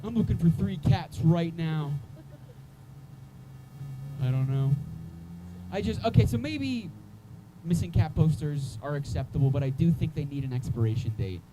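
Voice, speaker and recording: A man's voice: a little high, animated, normal speed, noisy background. A man doing a stand-up set in a comedy club, ranting with sardonic, crude exasperation.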